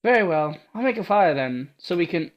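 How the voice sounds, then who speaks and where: A man's voice: high-pitched, lively intonation, moderate pace, dull audio, pitched above the performer's own voice. A man voicing a timid young woman who stammers, reading a visual novel aloud. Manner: hesitant, stammering.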